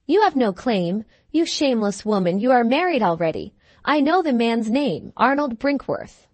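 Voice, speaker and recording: A woman's voice: very animated, normal speed, darkish tone, dry recording. A woman voicing a haughty society widow who turns from icy politeness to jealous fury. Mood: furious. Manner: politely cold, then shrill and indignant.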